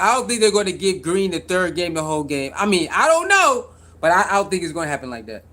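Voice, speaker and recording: A man's voice: high voice, big pitch swings, fast talker, bright, forceful tone. A man hosting casual sports reaction commentary, talking in slang, repeating himself and calling out to his viewers. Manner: slangy, repetitive, calls out to viewers.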